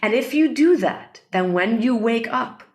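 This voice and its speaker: With a slightly high voice and lively intonation, a woman speaks a little slowly as an interview guest. She works as a breathwork facilitator and earnestly lays out her ideas, reflecting aloud, frequently asking "right?" and citing Hebrew prayers.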